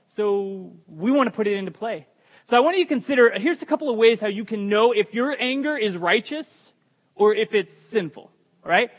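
High-voiced man preaching in a hall. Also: fairly bright tone. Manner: emphatic preaching with asides to the congregation. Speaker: pastor. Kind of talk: sermon. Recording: long hall reverb.

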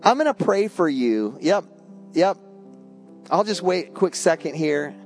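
An earnest male pastor preaching a sermon with a slightly high voice. He talks in a plain storytelling way, often restarting and repeating words. Soft instrumental music plays quietly underneath. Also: lively intonation, a little slow, creaky.

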